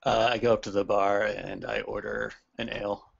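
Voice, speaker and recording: A man's voice: on the low side, level tone, normal speed, gravelly, dull audio. A man playing a tabletop game, easygoing and in character. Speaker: player.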